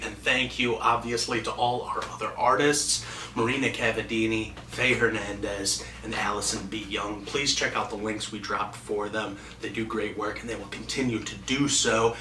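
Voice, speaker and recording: A man hosting a literary show, giving a relaxed, loose wrap-up. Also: mid-range voice, moderate pace, a little hiss or hum. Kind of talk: casual closing remarks. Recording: roomy, distant mic.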